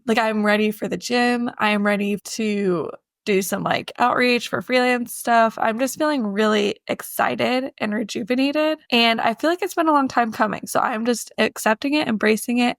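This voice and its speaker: Young woman, podcast co-host, gravelly groggy voice, slightly high, dry close mic. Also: fairly bright tone, no room sound. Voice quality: groggy morning voice. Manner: chatty, filler-heavy with lots of "like". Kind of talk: casual chat.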